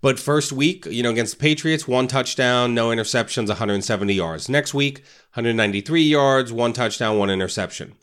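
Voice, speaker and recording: A man's voice: medium pitch, fairly quick, few pauses, fairly bright tone, clear, resonant tone. Man giving casual motivational talk. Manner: casual, keeps asking "right?". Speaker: real estate podcast host.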